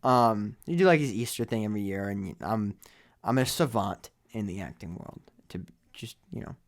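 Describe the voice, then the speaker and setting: A young man cohosting a podcast, telling jokey stories in casual chat that drop to quiet mumbles and swing back up loud. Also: lowish voice, moderate pace. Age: young adult. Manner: animated storytelling, jokey, trails into mumbles. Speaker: podcast co-host.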